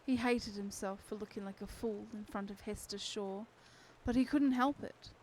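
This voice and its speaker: A woman streamer reading a novel aloud to her community with steady, expressive narration. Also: mid-range voice, normal speed, a little hiss or hum, poor audio. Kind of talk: unhurried storybook reading.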